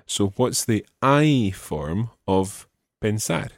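A man's voice: fairly low pitch, sing-song, takes it slowly, no room sound, clean studio sound. A man teaching a Spanish lesson, patiently explaining step by step and prompting his student. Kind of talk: spoken language lesson.

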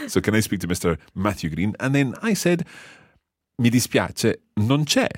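A man's voice: lowish voice, sing-song, normal speed, no room sound, clean studio sound. A man teaching a podcast language lesson, explaining patiently step by step and quizzing his learner.

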